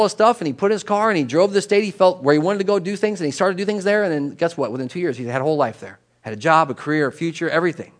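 Middle-aged male pastor, slightly high voice, chatty conversational sermon with sudden animated rises. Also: racing, few pauses. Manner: chatty, with repeated words and asides.

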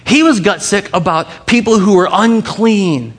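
Higher-voiced pastor, casual and playful. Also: male voice, unhurried, long reverb tail. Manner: casual, conversational, with frequent restarts; playful, coaxing the congregation to repeat a word. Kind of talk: sermon.

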